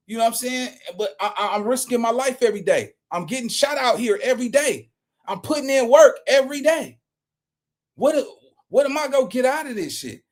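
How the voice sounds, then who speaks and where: A man's voice: very high-pitched, animated, a little fast. A man reacting to a clip in casual, slangy commentary, talking emphatically and restarting his words often. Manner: emphatic, slangy, repeats himself. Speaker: reaction vlogger.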